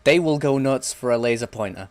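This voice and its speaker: A man's voice: mid-range voice, lively intonation, a little fast, dry recording, faint music behind. A young man streaming a game, rambling and joking casually with some swearing. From England. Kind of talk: casual gameplay chat.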